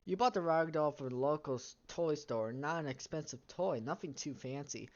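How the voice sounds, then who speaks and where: A woman's voice: sits low, moderate pace, a little mellow, muffled recording. A woman streaming a story game, reading its text aloud and breaking off into wry comments.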